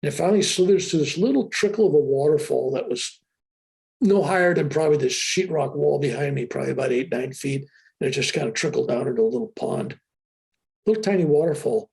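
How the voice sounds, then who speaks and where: An older man telling a story with animated excitement as an interview guest on a video call. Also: on the high side, fast, gravelly. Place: room with a sheetrock wall.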